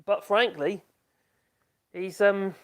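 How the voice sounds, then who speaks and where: A man's voice: sits high, steady tone, takes it slowly. A middle-aged man, chatting casually on a live stream in a rambling way, trailing off and restarting his sentences.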